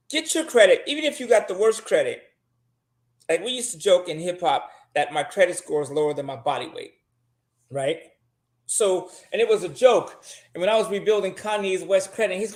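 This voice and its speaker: Blunt, cursing man in a roomy echo. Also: sits high. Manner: blunt, profane and emphatic. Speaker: guest giving credit advice. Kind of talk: casual advice talk.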